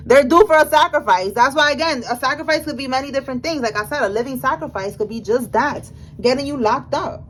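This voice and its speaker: Excited woman reading tarot. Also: high voice, fairly quick, a little hiss or hum, rough recording. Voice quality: casual slangy speech. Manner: excited, emphatic, talks straight to the viewer. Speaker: tarot reader.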